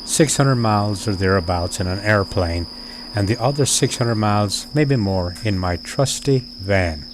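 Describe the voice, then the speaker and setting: A man with a lowish voice talks in a measured, deliberate way, with dry wit. It sounds like a personal video diary. Crickets and insects chirp faintly behind him. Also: background noise. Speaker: vlogger.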